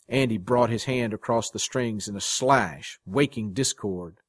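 A man reading a short story aloud as its narrator, in a measured, dramatic way. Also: lowish voice, no room sound, studio quality. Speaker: story reader. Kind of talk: scripted narration.

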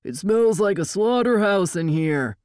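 A huge, savage guard rumbles with menace, as a woman reading a story puts him on. The delivery is slow and threatening, in a dry, close recording. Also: expressive, a little mellow, no echo, close to an everyday voice. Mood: menacing.

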